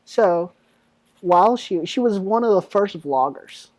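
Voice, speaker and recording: A man's voice: sits high, animated, unhurried, darkish tone, no echo. A young man hosting a casual podcast chat, joking and teasing his guests and laughing often. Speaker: podcast host.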